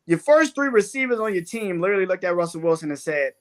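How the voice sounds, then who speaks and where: A man's voice: high-pitched, animated, brisk, sharp tone. A young man on a sports show, ranting in casual, profane talk and laughing often.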